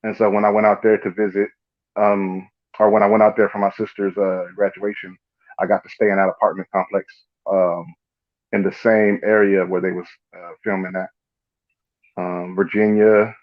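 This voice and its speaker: A man's voice: lowish voice, normal speed, lo-fi sound. A man from Southern California hosting a live podcast, telling stories in casual, profane chat and acting out other people's lines. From Los Angeles area, Southern California. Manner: profane, animated storytelling with imitated voices. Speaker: podcast host.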